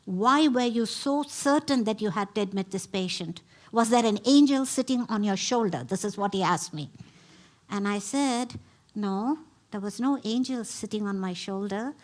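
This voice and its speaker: A middle-aged woman giving a talk, retelling a story emphatically with quoted dialogue. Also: fairly high pitch. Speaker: speaker at a spiritual center.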